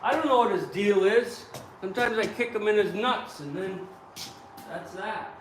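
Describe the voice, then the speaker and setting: A man's voice: sits high, moderate pace. Crude, grumbling man in an echoey shop. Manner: crude, joking, grumbling to himself. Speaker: vlogger. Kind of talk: casual workshop vlog. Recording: roomy and distant, noisy background.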